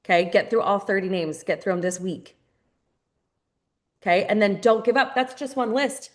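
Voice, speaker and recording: With a medium-pitched voice and a moderate pace, a woman hosts a live online training for new team members. Her manner is upbeat and direct; she refers to her listeners as "you guys" and repeats phrases to stress them.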